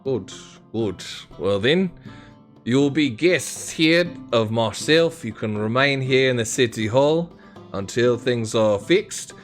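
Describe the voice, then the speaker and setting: A man's voice: mid-range voice, expressive, slow, faint music behind. A man voicing a portly male Triton councillor in a tabletop game. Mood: formal.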